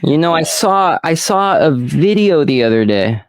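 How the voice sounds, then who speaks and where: A man hosting a casual podcast who tells stories slowly and rambles, swearing freely, recorded close and dry. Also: on the high side, big pitch swings, dry recording. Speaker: podcast host.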